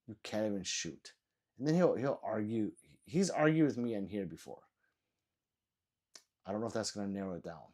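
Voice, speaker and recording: A man's voice: on the low side, fairly quick, long pauses, a little mellow. Sleepy, profane man ranting on stream. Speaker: live streamer. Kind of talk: casual live-stream rant and chat reading.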